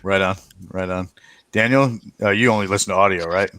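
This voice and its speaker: A man hosting a podcast in casual group chat, laughing often and filling pauses with many "uh"s and restarts. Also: sits low, steady tone, a bit bright, dry recording. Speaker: podcast host.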